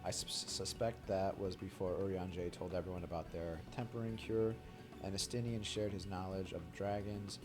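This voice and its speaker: Man reading courteous older gentleman, game character, formal, polite, lowish, music behind. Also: flat delivery, moderate pace, close to an everyday voice. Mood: measured.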